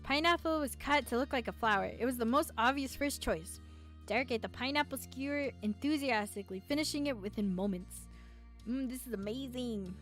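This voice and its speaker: A woman streamer with a slightly high voice reads a visual novel aloud in a playful, giggly way. She keeps breaking off to talk back to the characters and tease them. Soft game music plays faintly behind her. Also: brisk. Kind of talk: let's play, reading a visual novel aloud.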